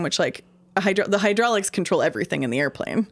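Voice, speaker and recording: A woman's voice: fairly low pitch, animated, quick pace, no room sound. A woman from Canada, an interview guest, telling stories in a rambling casual way with many fillers. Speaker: interview guest, singer-songwriter.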